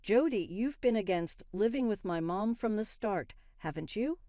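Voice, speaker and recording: A woman's voice: mid-range voice, expressive, normal speed, warm tone, no echo, clean studio sound, close to an everyday voice. A woman voicing an angry young husband who talks bluntly and accusingly in a storybook narration.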